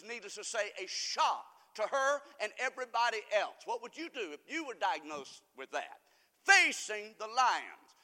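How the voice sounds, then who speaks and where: A man preaching a folksy sermon to his congregation, rambling through stories and swinging from soft asides to loud emphasis. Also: high voice. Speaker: pastor. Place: church sanctuary. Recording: reverberant church hall.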